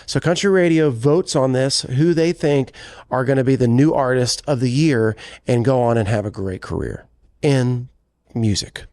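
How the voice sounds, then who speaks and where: Man, podcast co-host, casual rambling chat, mid-pitched, dry close sound. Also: moderate pace, darkish tone, no room sound. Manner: rambling, self-correcting, chatty. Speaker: podcast co-host, country singer.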